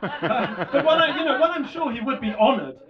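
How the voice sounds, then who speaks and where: Halting man doing shy stand-up. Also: very high-pitched, very animated, over a noisy crowd. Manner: hesitant, self-deprecating, halting restarts. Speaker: stand-up comedian. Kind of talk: stand-up routine. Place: small comedy bar stage. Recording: lo-fi club recording with audience laughter.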